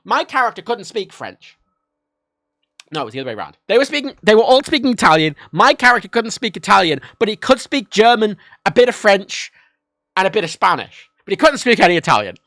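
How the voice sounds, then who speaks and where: Animated, sweary man streaming. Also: high voice, a little fast, no echo, clean studio sound. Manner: rambling, self-correcting, swears freely. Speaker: livestreamer. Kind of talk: casual livestream chat about games.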